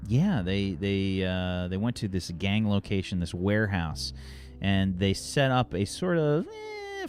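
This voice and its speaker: Slow, low-voiced man running a game. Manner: halting recap, many ums and uhs. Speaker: game master. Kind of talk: narrating a tabletop game.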